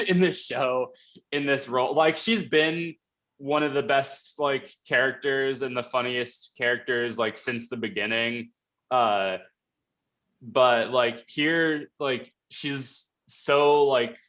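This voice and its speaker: A man hosting a casual episode review, talking quickly in a rambling way with lots of fillers and restarts. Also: medium pitch, a bit bright. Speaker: show host reviewing a TV episode.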